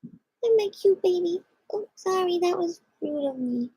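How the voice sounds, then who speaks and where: A woman's voice: very high-pitched, animated, moderate pace, mellow. A woman talking to her cat in a cooing baby-talk voice. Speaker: pet owner.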